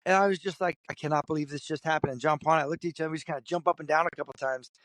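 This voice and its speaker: Man, from Kentucky, interview guest, animated storyteller, acts out voices, dry close sound. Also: a little high, racing, no room sound. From Kentucky, USA. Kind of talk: storytelling in conversation.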